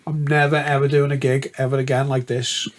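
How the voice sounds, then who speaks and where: A man's voice: mid-range voice, level tone, a little fast, a little hiss or hum. A man, a DJ guest telling stories in casual podcast chat, swearing freely and laughing as he goes.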